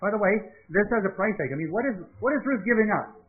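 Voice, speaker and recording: A man's voice: high-pitched, lively intonation, fast. Preacher man with a tinny sound. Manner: asks the congregation questions. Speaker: pastor. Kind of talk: interactive sermon.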